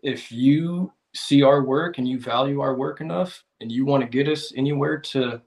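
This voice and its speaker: A man's voice: medium pitch, moderate pace, gravelly, darkish tone. A man with an American accent, a guest on a podcast, speaking in a laid-back, reflective way. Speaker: podcast guest, car detailer. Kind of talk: casual podcast interview.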